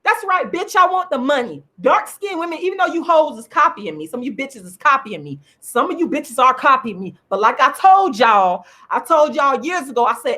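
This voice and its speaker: Furious high-voiced woman ranting. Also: sing-song, fairly quick, hardly any pauses, bright, forceful tone. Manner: heated, profane, repetitive, emphatic. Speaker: online commentator. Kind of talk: angry profane vlog rant.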